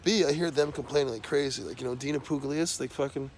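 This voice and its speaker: Gravelly man rambling profanely. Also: medium pitch, fast talker, slight background noise. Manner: rambling, profane stream of talk. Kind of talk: unscripted monologue to camera.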